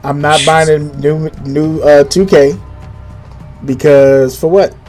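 A man co-hosting a casual, profane podcast chat, animated and jumping up into acted quotes. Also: a little high, takes it slowly, soft background music. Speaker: podcast co-host.

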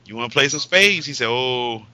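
A bright, cutting voice belongs to this American man, a podcast co-host who tells loud, joking stories. He talks in easygoing banter with his co-hosts. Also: mid-range voice, fairly quick, slight background noise, rough recording. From United States. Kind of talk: casual banter.

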